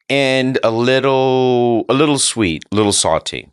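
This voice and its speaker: A man's voice: mid-range voice, animated, a little slow, hardly any pauses, smooth, dry recording. A man guesting on a comedy podcast, rambling and laughing as he fumbles for words, on a studio mic. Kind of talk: casual comedic chat.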